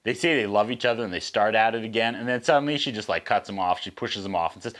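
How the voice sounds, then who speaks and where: A man's voice: fairly low pitch, fast talker, few pauses, fairly bright tone. A man hosting a casual video review, recapping a movie's plot with sarcastic, wry asides. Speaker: host.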